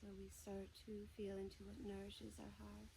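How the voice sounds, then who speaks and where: A woman from the American South leading a slow, soft-spoken guided yin yoga class, talking calmly between breaths. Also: medium pitch, gravelly, a little hiss or hum, low-quality recording. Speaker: yoga teacher.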